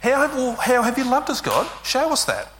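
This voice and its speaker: A man's voice: very high-pitched, wildly swooping pitch, moderate pace, fairly bright tone, slight background noise, voice pushed up, exaggerated voice. A man voicing a cynical, grumbling crowd of disillusioned people, sarcastic and complaining. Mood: sarcastic complaint.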